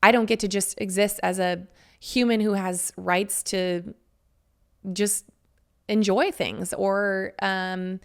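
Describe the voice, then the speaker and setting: Frank, gravelly-voiced woman podcaster. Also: mid-range voice, steady tone, takes it slowly. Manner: chatty, frank, swears freely, laughs between phrases. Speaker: podcast host. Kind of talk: candid personal storytelling.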